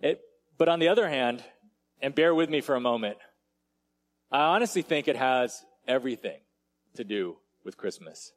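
A man's voice: medium pitch, animated, normal speed, pauses often. A man delivering a sermon as a pastor, telling a story in a casual, chatty way with frequent asides to the congregation. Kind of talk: conversational sermon.

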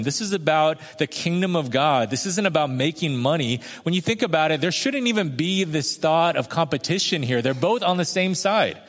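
A man preaching a sermon in a conversational way, acting out quoted voices and slowing down for emphasis. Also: on the high side. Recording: long hall reverb.

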